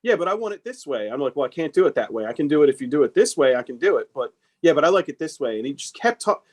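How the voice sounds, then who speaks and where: A man's voice: mid-range voice, lively intonation, very fast, breathy edge. A man hosting a casual podcast chat, blunt and emphatic, with heavy swearing. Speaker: podcast host, tattoo artist.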